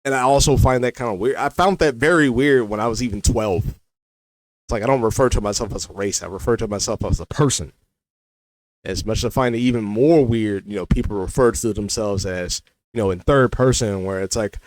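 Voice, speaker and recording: A man's voice: lowish voice, a little fast, dry recording, poor audio. A young adult man vlogging, telling a personal story in a loose, rambling way full of "like" and "you know".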